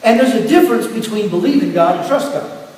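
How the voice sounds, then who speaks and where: A middle-aged man pastor preaching a sermon with personal testimony, telling his story in turns quiet and emphatic. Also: high voice, expressive, a little fast. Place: church sanctuary. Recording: echoey hall from far off, faint hiss.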